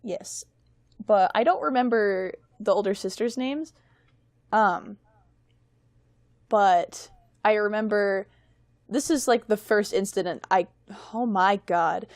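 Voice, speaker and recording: A woman's voice: medium pitch, slow pace, long pauses, darkish tone, no room sound. Woman, young adult, casual podcast story, rambling, self-mocking, mid-range voice. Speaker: guest.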